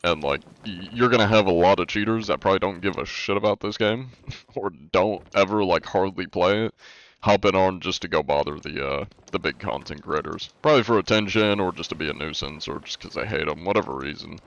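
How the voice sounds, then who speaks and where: Young male streamer, deep and congested, laid-back rambling chat, lo-fi audio. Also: brisk, fairly bright tone. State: congested from allergies. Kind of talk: casual live-stream chat.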